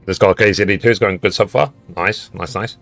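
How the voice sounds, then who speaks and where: A man's voice: lowish voice, steady tone, brisk, creaky, fairly bright tone, dry recording, faint music behind. A man giving casual commentary while streaming a video game, musing aloud to himself between hesitations.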